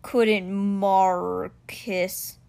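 A woman voicing a stern male stone cheetah, speaking slowly and gravely in a storybook reading. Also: medium pitch, little pitch movement, a little mellow. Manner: slow, gravelly and solemn. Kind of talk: audiobook reading.

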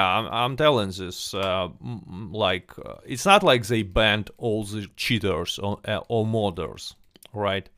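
A man's voice: fairly low pitch, pushed and bright, smooth, dry recording, clean studio sound. A man hosting a casual livestream chat, reading viewer questions and interviewing a guest, often repeating words as he restarts. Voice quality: slightly hesitant, repeats words. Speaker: stream host.

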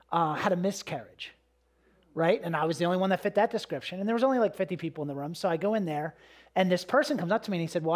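A man, a pastor, giving a conversational sermon with a personal story, talking casually with repeated words and fillers. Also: a little high.

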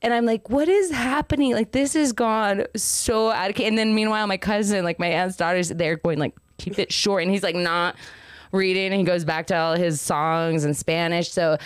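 A woman's voice: fairly low pitch, fairly even intonation, normal speed, clean tone, dry recording, clean studio sound. A young woman hosting a podcast, chatting casually and acting out the people in her story. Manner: rambling storyteller, acts out quotes. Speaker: podcast host. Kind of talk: casual chat.

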